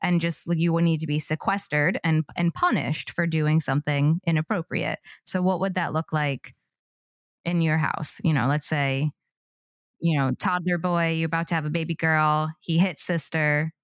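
A woman's voice: deep voice, fairly even intonation, normal speed, no echo, studio quality. A woman co-hosting a casual parenting podcast, chatty and posing scenarios, sometimes acting out a scolding parent. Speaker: podcast co-host.

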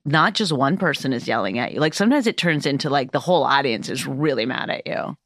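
A woman's voice: rumbling low, quick pace, dry recording, studio quality. A woman stand-up comedian chatting on a podcast, telling blunt, profane stories about her gigs. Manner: blunt, profane and animated storytelling. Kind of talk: casual podcast chat.

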